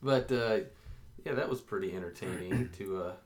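A man's voice: low-pitched, normal speed, slight background noise. A man co-hosting a podcast, telling a story in casual chat and often laughing as he talks. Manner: animated, laughs often while telling stories. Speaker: podcast co-host.

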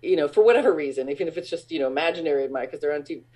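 A chatty woman in her forties tells long, loose stories as an interview guest. Her talk is full of fillers and restarts. She laughs at her own tales and leaps up high when she mimics excited fans. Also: very fast. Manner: bright high tones when acting out fans. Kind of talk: casual interview chat.

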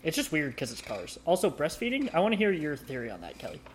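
Male podcast host, animated delivery, faint background noise. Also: fairly high pitch, quick pace. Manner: lively, laughs often. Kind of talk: casual chat among friends.

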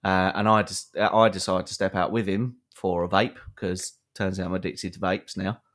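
A man's voice: low voice, steady tone, normal speed, a bit bright. A young man, a podcast co-host, telling a long anecdote with lots of fillers and acted-out quotes. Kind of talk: storytelling to a co-host.

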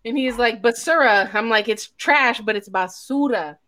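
A woman's voice: a little high, moderate pace, sharp tone. A woman hosting a casual live chat, telling stories full of swearing and laughter. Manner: profane, laughing storyteller. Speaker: host.

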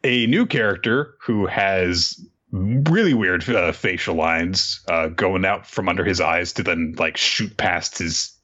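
A man's voice: sits low, unhurried, dull audio. A man co-hosting a podcast, casually and animatedly recapping a manga and acting out its scenes. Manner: animated storyteller, acts out the scenes. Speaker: podcast co-host.

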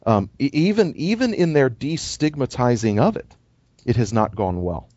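A man's voice: mid-range voice, sing-song, moderate pace, darkish tone, dry recording. A man co-hosting a podcast panel discussion, emphatic and joking, often restarting his sentences. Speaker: co-host. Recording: dull, dry lo-fi podcast audio.

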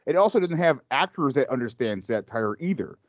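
A man's voice: medium pitch, animated, brisk, no echo. A man in casual chat about a movie, rambling with lots of fillers and swearing. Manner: rambling, profane, many fillers. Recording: dull lo-fi sound.

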